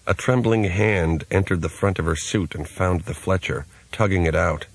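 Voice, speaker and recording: A man narrating an audiobook in a measured, even way. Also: low-pitched, gravelly, dry recording. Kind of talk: scripted narration.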